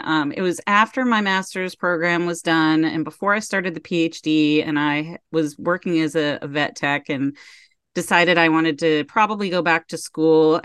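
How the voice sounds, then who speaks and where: A woman's voice: on the low side, clear, resonant tone, no room sound, studio quality. A woman co-hosting a podcast, telling a rambling personal story in casual chat. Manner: relaxed, rambling anecdotes with restarts. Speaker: podcast co-host.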